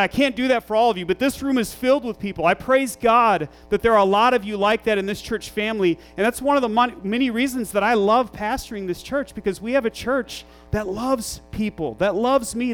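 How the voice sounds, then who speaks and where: A man's voice: high voice, rough recording. A man pastoring his church, preaching a sermon with rhetorical questions and rising emphasis.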